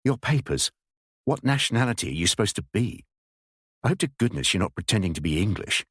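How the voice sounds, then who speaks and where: A man's voice: fairly low pitch, big pitch swings, a little fast, fairly bright tone, breathy edge, no room sound, studio quality, heavily acted. A man voicing a curt, wary English village schoolteacher woman who speaks in a clipped, firm way. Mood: firm, brisk.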